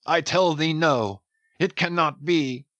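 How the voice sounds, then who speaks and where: A man's voice: a little high, takes it slowly, fairly bright tone, no room sound, muffled recording, pitched above the performer's own voice. A man playing a grim, obsessed sea captain. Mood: stern. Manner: solemn, stern, archaic speech. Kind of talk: dramatic audiobook reading.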